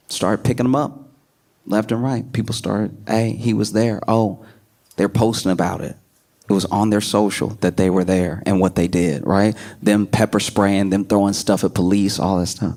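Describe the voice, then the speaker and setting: A man doing stand-up comedy, telling a story in an animated way and jumping into put-on voices. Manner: animated, jumps into high put-on voices, laughs a lot.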